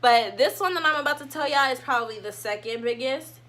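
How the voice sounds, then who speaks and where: A young woman vlogger telling a casual storytime, animated, and acting out her own past lines dramatically. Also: high-pitched, fairly quick. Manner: animated, dramatic reenactments of herself.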